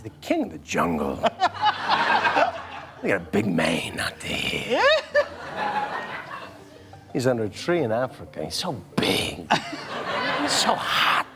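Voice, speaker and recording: A man doing a comic impression of a famous older actor, with halting, oddly stressed phrasing. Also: medium pitch, huge pitch swings, heavy background noise, heavily acted. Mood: deadpan.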